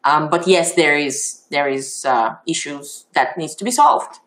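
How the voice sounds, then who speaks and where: Animated woman with a Haitian accent. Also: deep voice, a little slow. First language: Haitian Creole. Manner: animated and expressive, many ums and restarts. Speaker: festival founder, interview guest. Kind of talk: conversational interview answers.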